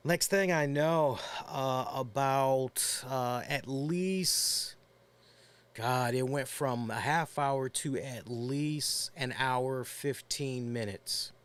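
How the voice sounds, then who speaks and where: A man's voice: medium pitch, extremely slow, a bit bright, clean tone. Rambling, chatty male podcast host. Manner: rambling storyteller with frequent fillers and laughs. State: nursing a headache. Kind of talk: casual chat.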